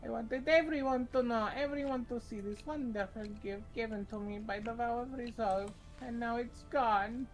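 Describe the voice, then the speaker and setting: A man voicing a doddering, gentle and grateful old woman in a soft, pleading voice. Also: very high voice, normal speed, few pauses, soft background music, pitched above the performer's own voice, low-quality recording. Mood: wistful.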